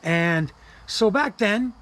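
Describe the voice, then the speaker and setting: A man's voice: high-pitched, lively intonation, slow, a bit bright. An older Canadian man ranting angrily and profanely in a vlog, retelling phone calls and repeating "I said". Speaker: vlogger. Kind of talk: angry ranting monologue. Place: home in the wilderness.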